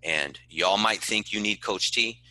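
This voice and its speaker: Man, football coach, low pitch, very bright forceful tone, podcast interview, earnest, repeats himself for emphasis. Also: unhurried. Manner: earnest, passionate, repeats words when emphatic. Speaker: high school football head coach.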